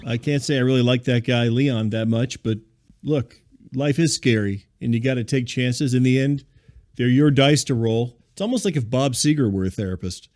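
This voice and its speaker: A man hosting a comedy podcast, telling a rambling story in a deadpan, conversational way. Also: mid-range voice, moderate pace, dry recording. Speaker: podcast host and narrator. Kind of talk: comedic monologue.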